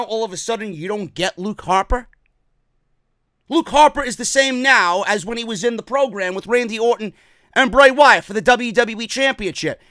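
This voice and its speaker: A man with a very high, animated voice delivers a profane wrestling rant, often breaking into shouts. His tone is bright and sharp. The sound is dry and close to the mic. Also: dry recording. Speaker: wrestling commentary host. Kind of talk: ranting commentary.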